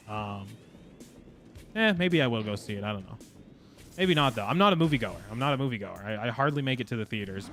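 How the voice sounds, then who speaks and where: This man chats with his viewers while playing a game on stream, laughing often and going off on tangents. His mid-range voice has a fairly bright tone.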